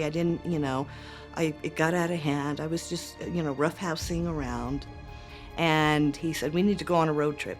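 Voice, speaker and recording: A woman speaks in a low register during an interview. She recounts past events haltingly, acting out what each person said. Faint music plays under her. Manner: halting, animated retelling with quoted dialogue. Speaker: interviewee, former girlfriend. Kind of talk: interview testimony.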